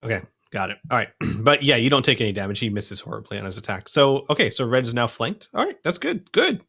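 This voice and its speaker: A man running a tabletop game as game master, narrating and ruling with quick, lively talk and frequent laughs. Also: medium pitch, vocal fry, slightly rough. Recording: home podcast recording.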